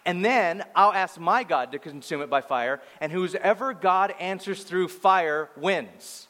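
A man's voice: a little high, very animated, takes it slowly, slightly rough, exaggerated voice. A man acting out a bold, mocking old male prophet in a sermon, with brash, taunting bursts. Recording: long hall reverb.

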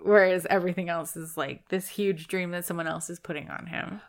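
A woman in a casual film discussion, talking in a relaxed, agreeable way. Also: lowish voice, a little fast.

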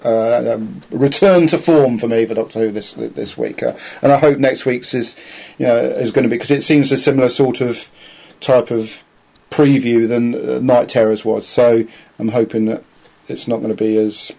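A man hosting a casual podcast chat over a video call, enthusiastic and halting, with lots of fillers. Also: medium pitch, gravelly, darkish tone. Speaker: podcast host.

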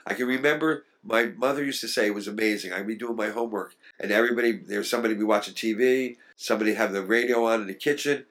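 Brief: middle-aged man, chatty interview guest, rapid animated delivery, lowish voice. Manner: fast, animated talker. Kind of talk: casual storytelling interview.

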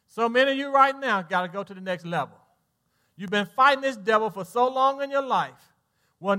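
A male pastor, preaching a sermon and telling a story with lively animation. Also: high voice. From Southern United States. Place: church sanctuary.

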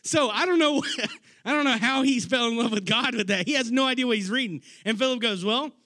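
A male preacher tells Bible stories in a loose, conversational sermon. He is enthusiastic and slangy, often restarting his sentences. His voice sits fairly high for a man. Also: a little fast, sharp tone. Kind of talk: casual storytelling sermon.

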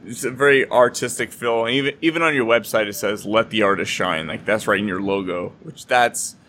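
A man's voice: mid-range voice, brisk, a bit bright, a little hiss or hum. A man hosting a podcast, chatty and joking with his guests. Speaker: podcast host. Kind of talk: casual podcast interview.

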